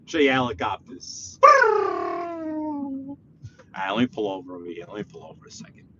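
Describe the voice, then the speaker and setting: A man chatting with his live viewers while driving, joking and teasing in an animated way. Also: on the high side, normal speed. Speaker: live-streaming driver. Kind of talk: casual live-stream commentary while driving. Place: inside a moving car. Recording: dull lo-fi car audio with faint road noise.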